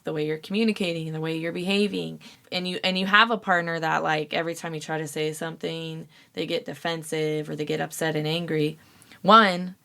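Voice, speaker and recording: A woman's voice: fairly low pitch, vocal fry, fairly bright tone, clean tone. A woman hosting a podcast, talking candidly about relationships in a casual advice monologue, swearing freely and using lots of fillers. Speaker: podcast host.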